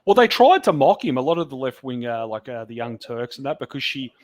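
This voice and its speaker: A man hosting a casual livestream chat, easygoing and animated when he retells a story. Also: medium pitch, brisk. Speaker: host.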